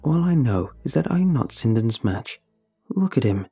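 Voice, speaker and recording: A man's voice: mid-range voice, very animated, normal speed, warm tone, husky, faint music behind. A man voicing a frightened young woman accused of witchcraft, pleading and desperate in an audiobook reading.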